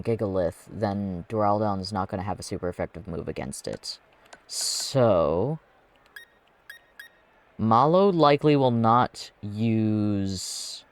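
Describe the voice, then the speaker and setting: A man's voice: lowish voice, clean tone. A man streaming a video game, chatting casually and giggling as he works through his plans aloud. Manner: giggly, thinks aloud with restarts. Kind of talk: casual gameplay commentary.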